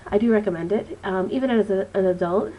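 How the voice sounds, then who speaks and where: This student teacher in her twenties talks fast in a mid-range voice, nasal and congested from allergies, over dull-sounding audio. Her vlog book review is chatty and meandering, peppered with frequent ums.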